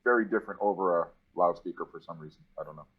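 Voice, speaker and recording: A man's voice: low voice, very fast, breathy edge, narrow, tinny audio. A man co-hosting a casual podcast chat and delivering news in a plain, matter-of-fact way. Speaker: podcast co-host and arena announcer.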